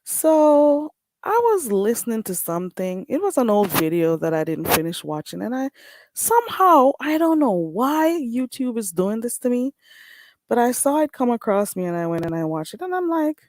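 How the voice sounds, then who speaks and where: A woman's voice: on the high side, big pitch swings, normal speed, darkish tone, rough recording. A woman with a Jamaican accent hosting a casual livestream, greeting viewers by name and speaking bluntly and sassily. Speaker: livestream host.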